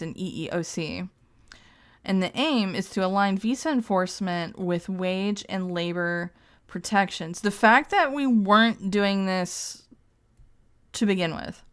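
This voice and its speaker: A woman's voice: medium pitch, smooth. A woman streamer reading text aloud in casual live-stream commentary, breaking off into crude, joking asides and frequent laughs. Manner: laughs often.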